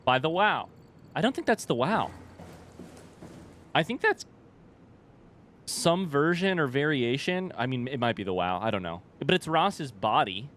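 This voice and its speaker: Male let's-play commentator: excitable, rambling and jokey, mid-pitched voice. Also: measured pace, pauses often, a little hiss or hum. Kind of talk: casual, unscripted game commentary.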